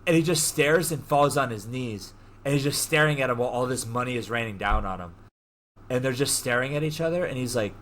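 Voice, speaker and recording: A man hosting a podcast, casually retelling a movie plot, acting out the characters' lines in quick bursts and swearing freely. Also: mid-range voice, lively intonation, slight background noise. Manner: swears casually, heavy use of "like". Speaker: podcast host.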